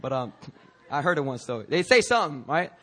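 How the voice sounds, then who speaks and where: With a fairly high, slightly bright voice, this pastor is very animated and brisk. His sermon stays loose and conversational, peppered with joking asides, restarts and the odd cough.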